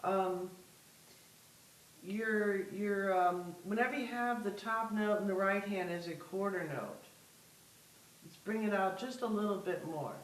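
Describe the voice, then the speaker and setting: A woman's voice: medium pitch, unhurried, reverberant, recorded from a distance, rough recording. A woman music teacher coaching a student in a masterclass, patient and giving step-by-step instructions over a video call.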